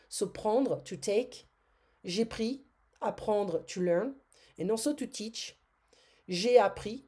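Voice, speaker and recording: A French woman with a French accent gives a grammar lesson, speaking slowly and patiently in a warm, husky voice of medium pitch. She fills her speech with many "euh" sounds and repeated words.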